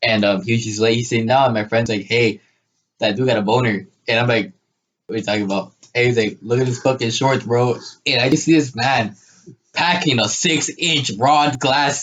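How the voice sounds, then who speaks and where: A man's voice: medium pitch, steady tone, moderate pace, a little hiss or hum. A young man in the middle of his range, chatting casually as a podcast co-host. He rambles through crude stories, stacks up fillers and keeps breaking into laughter. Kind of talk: casual chat.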